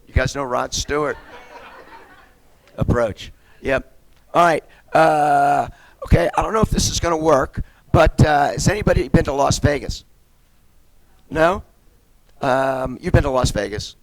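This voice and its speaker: A man's voice: on the high side, unhurried, long pauses, low-quality recording. American man giving a chatty keynote. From United States. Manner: chatty, keeps asking "right?". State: slightly congested from a cold. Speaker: keynote speaker. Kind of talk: lively conference talk. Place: conference venue.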